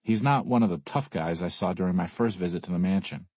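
A man narrating an audiobook in the first person, in a weary, brooding, even manner. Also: deep voice, fast, breathy edge, no echo.

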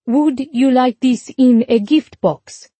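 A chatty shop cashier with a thick Italian accent, as a woman reading an audiobook puts her on, pitched a little above the reader's own voice. The tone stays mellow and dry, bright with friendly curiosity. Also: slow pace, dry recording. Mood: cheerful. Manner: cheerful, curious questions. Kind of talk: audiobook narration.

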